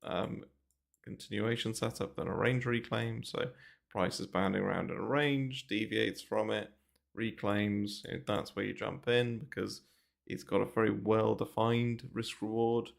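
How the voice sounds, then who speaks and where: Unhurried and steady in tone, his fairly low voice carries vocal fry as he livestreams casual, rambling market commentary. The crypto trading streamer swears casually and fills the gaps with fillers, speaking into a desk mic close to his mouth in a small bare room.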